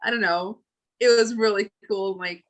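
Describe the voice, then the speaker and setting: A woman's voice: mid-range voice, steady tone, normal speed, a bit bright, rough recording. A woman co-hosting a podcast, chatting casually about movies with lots of fillers and giggles. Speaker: podcast co-host. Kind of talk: casual chat.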